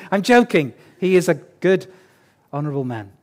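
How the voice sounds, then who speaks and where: A man with a fairly high voice preaches to his church in a relaxed, talky way. He slips in jokes and leans on repeated words to drive his points home. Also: a little slow, a little hiss or hum. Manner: conversational and joking, repeats key words for emphasis. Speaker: pastor. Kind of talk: sermon.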